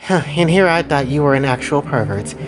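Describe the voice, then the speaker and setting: A smug, playful young woman who taunts her foes in a lively, swooping voice, voiced by a man retelling the story. Faint music plays underneath. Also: low voice, a little fast, voice pushed up. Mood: teasing.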